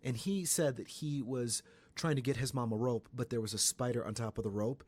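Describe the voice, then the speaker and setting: A young man from the Atlanta area hosting a casual celebrity gossip podcast, chatty and animated. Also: brisk, no room sound. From Atlanta area, Georgia. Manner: chatty and animated, breaks into high sung bits. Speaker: podcast host.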